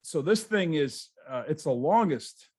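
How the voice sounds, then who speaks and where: A man's voice: on the high side, animated, a little slow, darkish tone. Man telling stories over a video call. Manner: rambling storytelling with restarts. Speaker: guest author. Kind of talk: casual interview.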